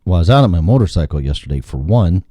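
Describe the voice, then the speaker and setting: A man's voice: low-pitched, big pitch swings, quick pace, warm tone, no echo. A man from the American Midwest hosting a talk show in casual, profane, rambling chat, with sarcastic asides, recorded on a studio mic. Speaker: radio show host.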